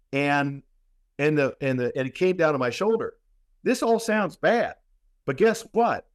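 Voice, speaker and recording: A man telling a long story in a podcast interview, speaking at a middle pitch. He talks emphatically, repeats words for weight and often restarts. His voice is dry and close to the mic. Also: dry recording. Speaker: guest practitioner.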